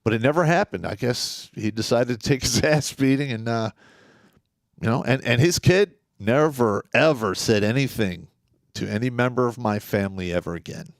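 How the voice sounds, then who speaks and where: A man's voice: mid-range voice, moderate pace, dry recording, studio quality. A man co-hosting a live podcast, telling a story in a blunt, profane, casual way. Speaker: podcast co-host.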